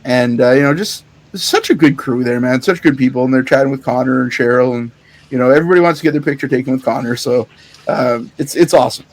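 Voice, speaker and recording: Talking fast at a medium pitch, this podcast co-host tells the story of a show in easygoing conversation, full of animation, cursing freely, and laughing a lot.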